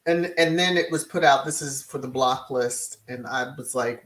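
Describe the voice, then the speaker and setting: A woman's voice: a bass voice, fairly even intonation, moderate pace, few pauses, a bit bright. A woman hosting casual live-stream commentary, answering chat in a sassy manner with chuckles and many hums and mm-hmms. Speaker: host of a royal commentary channel.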